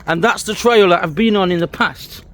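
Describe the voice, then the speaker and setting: Speaking at normal speed, a man with a high, fairly bright voice gives relaxed commentary to camera. He's a walking vlogger on a disused railway trail outdoors, calling attention to sights along the route.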